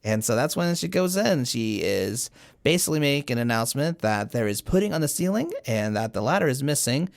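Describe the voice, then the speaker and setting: Animated man retelling cartoon scenes. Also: medium pitch, brisk, vocal fry, no echo, studio quality. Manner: animated retelling, acting out characters' lines. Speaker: podcast co-host. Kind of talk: casual chat recapping cartoons.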